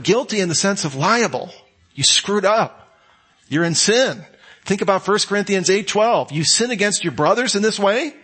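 A man's voice: fairly high pitch, a bit bright. A man preaching an expository sermon in a church, teaching conversationally with rising emphasis. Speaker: pastor. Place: church sanctuary.

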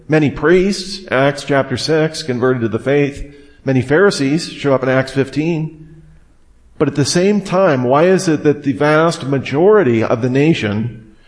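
A man preaching an expository sermon, emphatic and full of questions as he explains a passage. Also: medium pitch. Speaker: preacher teaching on Romans. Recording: long reverb of a hall.

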